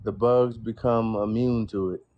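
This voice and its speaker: A man who is a guest gardener in a casual live-stream chat, speaking in a measured way with "uh" pauses. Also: fairly low pitch, fairly even intonation, muffled recording.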